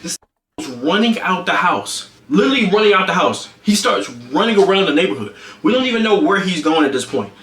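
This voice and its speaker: An excitable young man tells a story on a live stream, his voice high and bouncing all over the place. He punches it up with sound effects, and the sound is bright and echoes off the room around him. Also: brisk. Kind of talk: animated storytelling on a livestream.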